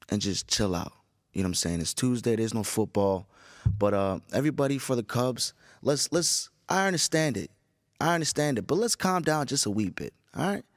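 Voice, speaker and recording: A tired, groggy man hosting a casual solo podcast, rambling with profanity and animated storytelling. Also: medium pitch, dry recording, studio quality. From Chicago area. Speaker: podcast host.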